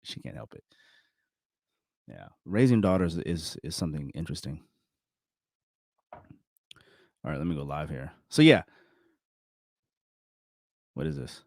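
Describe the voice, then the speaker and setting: Deep-voiced rambling man, chatting solo. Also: lively intonation, normal speed, gravelly, pauses often, mellow, dry recording, studio quality. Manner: rambling, self-correcting, chuckles often. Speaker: vlogger. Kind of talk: casual solo self-reflection talk.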